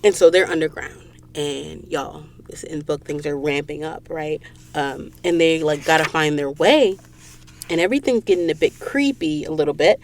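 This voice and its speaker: A woman's voice: deep voice, normal speed. A woman hosting a book podcast, retelling the story in an emotional, dramatic way and speaking directly to her listeners. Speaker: podcast host. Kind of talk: casual book recap podcast. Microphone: studio mic in a recording booth.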